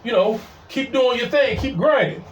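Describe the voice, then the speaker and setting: A man's voice: very high-pitched, moderate pace, muffled recording, voice pushed up. A man voicing friendly passers-by who encourage him in upbeat slang. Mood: encouraging. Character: friendly encouraging men passing by. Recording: roomy sound from a distance.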